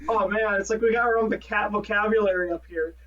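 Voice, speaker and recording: A man's voice: high-pitched, steady tone, fast talker, fairly bright tone, far from the mic. A man from Minnesota co-hosts a podcast in a loose, rambling chat, correcting himself as he goes and laughing at his own jokes. His voice sits back from the mic. The recording sounds muffled and dull. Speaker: podcast co-host. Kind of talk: casual chat.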